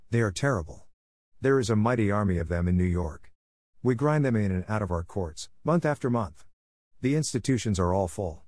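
A man reading the part of a calm, hopeful woman probation officer, speaking steadily and reasonably. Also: lowish voice, no echo, studio quality, close to an everyday voice. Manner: steady, reasonable, quietly firm. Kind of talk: audiobook character reading.

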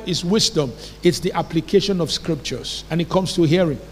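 A man's voice: high voice, animated, normal speed, few pauses. A pastor preaching a sermon in a church, emphatic and asking his congregation rhetorical questions. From Nigeria. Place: church hall. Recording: long reverb of a church hall.

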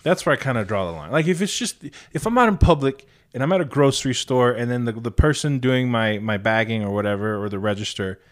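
Profane, animated male podcast host. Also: medium pitch, fast, hardly any pauses. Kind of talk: casual podcast chat.

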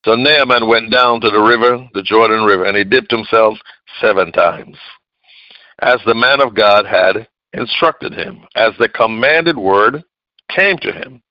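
A man preaching a sermon emphatically, swinging from loud outbursts to low, hushed lines. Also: unhurried, dry recording, highs cut off.

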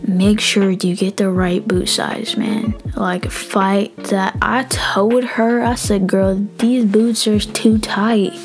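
A young woman tells a story in a loose, profane way, acting out the dialogue and sometimes slipping into a whisper. Her pitch sits in the middle. Faint music plays behind her. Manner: animated and profane, acts out dialogue, drops into whispers. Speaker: vlogger. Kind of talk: casual storytelling.

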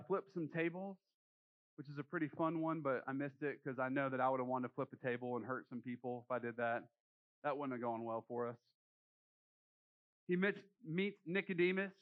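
A young male pastor delivers a sermon in a relaxed, joking way, acting out the people in his story. His voice sits a little high for a man. The recording sounds muffled and lo-fi.

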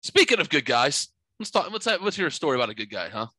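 A man co-hosting a casual chat, telling a long story in a rambling, animated way. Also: a little high, fast talker, dry recording. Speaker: podcast co-host.

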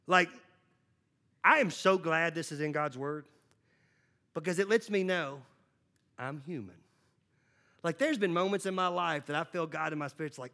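A male pastor preaching a lively sermon, acting out little dialogues and tossing in quick asides. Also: a little high.

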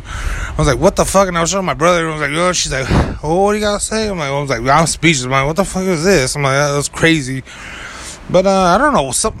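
A man's voice: a little high, creaky, pushed and bright, a little hiss or hum. A young man telling a rambling story in casual chat, full of filler words and swearing. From California. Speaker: podcast co-host.

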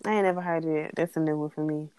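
A woman's voice: low voice, fairly even intonation, very fast, warm tone, smooth, no room sound. A woman co-hosting a podcast, blunt and teasing, swearing casually. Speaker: podcast co-host. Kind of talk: casual chat.

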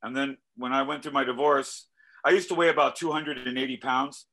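A male musician talking casually in an interview, telling animated stories, acting out quoted voices and swearing freely. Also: mid-range voice, brisk, low-quality recording. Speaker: musician guest.

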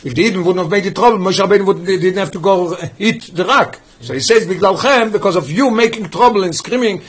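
A man teaches a study class at a rapid clip, rattling through passages of text and stopping to explain them. His voice sits high for a man and has a husky, slightly rough edge. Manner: rapid reading of Hebrew text, explaining in English. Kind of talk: teaching a text study class, mixing English and Hebrew reading.

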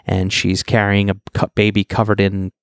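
A man co-hosts a casual podcast, recapping a movie with wry asides and plenty of restarts. His voice sits low and sounds dry and close to the mic. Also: completely flat delivery, normal speed, no room sound. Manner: rambling, many fillers and restarts, wry. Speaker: podcast co-host.

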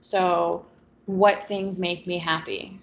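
A woman's voice: fairly low pitch, flat delivery, slow, creaky, lo-fi sound, a little hiss or hum. A woman in her twenties chatting candidly and reflectively, with a touch of sarcasm. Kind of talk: casual chat.

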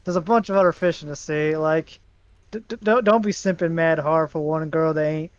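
A young speaker drops quick joking asides in a loose friends' chat. The sound is dull and lo-fi. The pitch is average. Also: no echo. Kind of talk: casual chat among friends.

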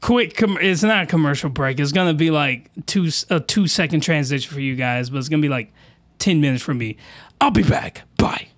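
A man's voice: on the high side, a little fast. A man hosting a crude comedic reaction commentary, talking in rowdy, slangy, exaggerated outbursts. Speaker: commentary host.

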